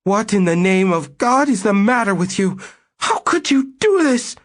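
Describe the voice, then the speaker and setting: A man voicing a shrill, furious wife who talks in a high, sped-up way. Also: sing-song, moderate pace. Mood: shrill fury.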